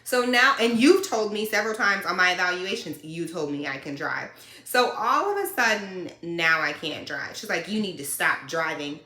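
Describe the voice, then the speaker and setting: A woman truck driver telling a story in a casual, animated and sassy way. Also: medium pitch, moderate pace. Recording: roomy echo.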